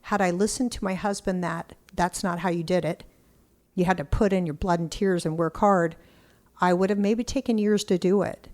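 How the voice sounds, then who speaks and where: A middle-aged woman telling a story as a podcast guest, excitable and blunt, cursing now and then. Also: on the low side, moderate pace. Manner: excitable, animated storyteller who acts out quotes. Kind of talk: casual interview storytelling.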